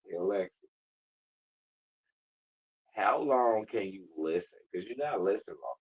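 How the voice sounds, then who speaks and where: A man with a fairly low, husky voice chats casually on a live stream. He is blunt, slangy and profane, and he laughs a lot. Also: animated, rough recording. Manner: says he talks fast. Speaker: livestreamer talking to a voice assistant.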